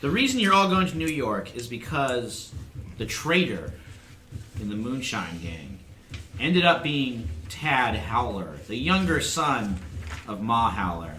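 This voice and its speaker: A man's voice: mid-range voice, sing-song, a little slow, sharp tone, roomy sound, slight background noise, low-quality recording. A man acting as game master, casually recapping the story and introducing players in a tabletop game session.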